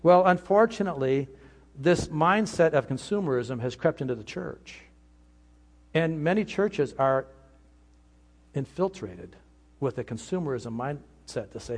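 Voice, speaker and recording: A man's voice: a little high, expressive, measured pace, long pauses, a little mellow. A man preaching an earnest sermon as pastor, sometimes voicing imagined speakers.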